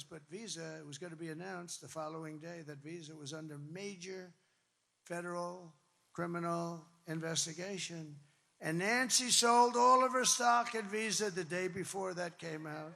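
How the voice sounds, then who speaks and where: A man giving a campaign rally speech to supporters, emphatic and repetitive, wandering into asides and breaking into shouts. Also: high-pitched, vocal fry. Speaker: political candidate addressing supporters. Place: large rally venue with crowd. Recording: long reverb from a rally venue.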